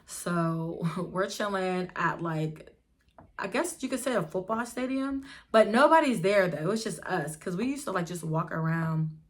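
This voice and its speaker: A young woman vlogger telling a storytime in a chatty, animated way, talking straight to her viewers. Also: lowish voice, measured pace. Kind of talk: casual storytime.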